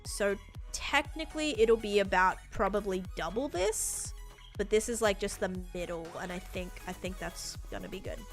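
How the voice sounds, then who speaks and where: Woman streamer, bubbly and chatty, talks over clear game music. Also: medium pitch, sing-song, normal speed. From United States. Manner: bubbly, chatty, reads out chat comments. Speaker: livestreamer. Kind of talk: casual live-stream chat while gaming.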